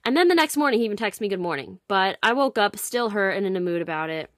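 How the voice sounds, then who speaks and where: A woman's voice: medium pitch, animated, fast talker, no echo, clean studio sound. A young woman in her twenties hosting a podcast, telling a dating story in a frank, sarcastic way, swearing freely and swinging between exasperation and hurt. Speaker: podcast host. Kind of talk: casual storytelling monologue.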